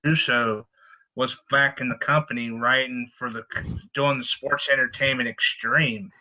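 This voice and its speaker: A man co-hosting a live web show, talking casually and haltingly. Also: mid-range voice, fairly even intonation, bright, forceful tone. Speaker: co-host. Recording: dull lo-fi line.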